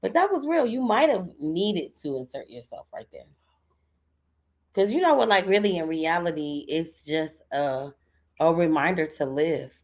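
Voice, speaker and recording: Woman, very low voice, podcast co-host, relaxed reflective chat, folksy. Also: measured pace. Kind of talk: casual chat.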